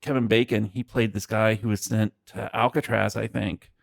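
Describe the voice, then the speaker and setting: A man's voice: lowish voice, little pitch movement, moderate pace, gravelly, no echo, clean studio sound. A man co-hosting a casual movie podcast, rambling with lots of fillers and restarts. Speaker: podcast co-host.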